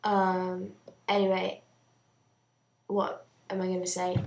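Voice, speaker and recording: A young woman talks unhurriedly to her camera in a relaxed video diary. Her delivery is slow and rambling, with frequent "um"s as she gathers her thoughts, at a mid-range pitch for a woman. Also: creaky, slight background noise. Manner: chatty and rambling, full of "um"s. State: out of breath. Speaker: vlogger.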